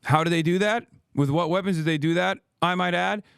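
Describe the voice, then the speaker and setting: Man ranting angrily, high voice, dry. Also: a little fast, creaky, a bit bright, clean tone, no echo. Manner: angry, profane, sarcastic, rhetorical questions. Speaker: streamer, political commentator. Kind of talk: ranting livestream commentary.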